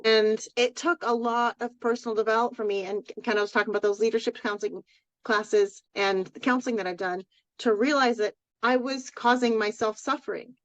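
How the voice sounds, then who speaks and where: A woman co-hosting a podcast speaks with a slightly high voice, tearful as she openly shares a personal story. The casual chat has many restarts, and the recording is dry and dull lo-fi with no echo.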